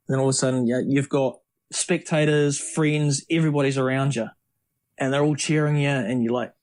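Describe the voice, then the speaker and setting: A middle-aged man talks at a middling pitch. He tells casual, rambling anecdotes as an interview guest, often restarting his sentences. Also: steady tone, brisk, a little mellow. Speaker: triathlete guest.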